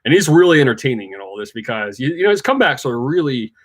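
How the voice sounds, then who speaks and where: Fast-talking enthusiastic man reviewing a film. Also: mid-range voice, big pitch swings. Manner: enthusiastic, rambling, many fillers and restarts; laughs often while talking. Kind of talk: casual spoken film review.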